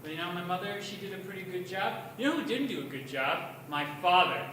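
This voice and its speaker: A man's voice: high-pitched, a little fast, bright, forceful tone, slight background noise. A young man doing crude, self-mocking open mic stand-up in a bar, telling his stories with energy. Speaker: stand-up comedian. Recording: echoey bar from far off.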